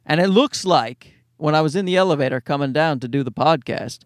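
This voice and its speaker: A middle-aged Canadian stand-up comedian with a nasal Newfoundland accent, rambling through a profane, self-mocking monologue. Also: male voice, fairly high pitch, a little fast, no echo, clean studio sound. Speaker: stand-up comedian and podcast host. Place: parked car.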